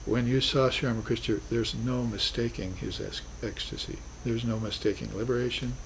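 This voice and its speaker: A man's voice: mid-range voice, fairly even intonation, moderate pace, gravelly, a bit bright, slight background noise, poor audio. A man teaching a class on spiritual philosophy, talking in an earnest, reflective way with emphatic bursts. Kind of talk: recorded class lecture.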